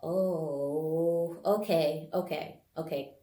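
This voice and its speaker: A woman talks to viewers through a casual tarot and bone-throwing reading. Her voice sits on the low side and she is chatty and animated, laughing often. The sound is echoey, as if picked up by a camera mic in a bare room. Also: very slow.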